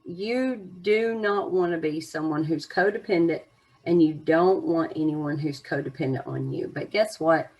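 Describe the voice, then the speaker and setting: A woman's voice: low-pitched, unhurried, darkish tone, breathy edge, highs cut off. A woman giving an unscripted oracle card reading to her viewers, musing in a meandering way with many fillers.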